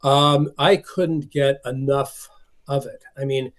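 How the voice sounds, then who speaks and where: A man's voice: medium pitch, fairly even intonation, slow pace. A man, a film collector being interviewed, telling stories and acting out the voices of the people he quotes. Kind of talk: conversational storytelling.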